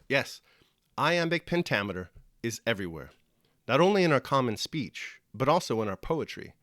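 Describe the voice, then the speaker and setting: A man narrating a scripted lesson clearly, explaining step by step with dry little asides. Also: mid-range voice, lively intonation, normal speed, long pauses, fairly bright tone, no echo. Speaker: teacher.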